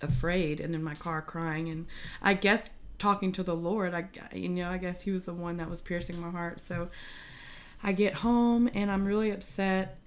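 Young woman with a lower voice, chatty and emotional, retelling a personal story in podcast style. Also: moderate pace. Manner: animated, emotional retelling with many fillers. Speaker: guest telling her faith story. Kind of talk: casual conversational storytelling.

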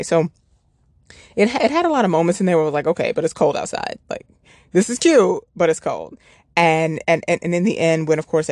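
A woman's voice: low voice, a little mellow, dry recording, clean studio sound. A woman hosting a book review podcast, chatting casually and rambling with many restarts and rhetorical questions.

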